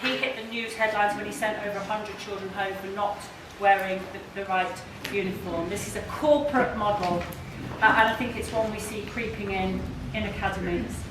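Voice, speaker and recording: A woman's voice: mid-range voice, steady tone, moderate pace, few pauses. A woman giving an earnest speech at a public meeting, building long lists with some restarts. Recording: echoey hall, far from mic, noisy.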